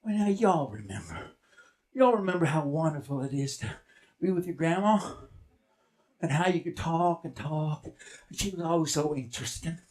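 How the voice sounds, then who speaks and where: A playful man spinning a tall tale on stage, teasing his listeners as he goes. His pitch swings widely and animatedly, from low drawls to high bursts. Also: animated, normal speed, pauses often, a little mellow. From Texas. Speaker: storyteller. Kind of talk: live storytelling performance. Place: stage before a live audience.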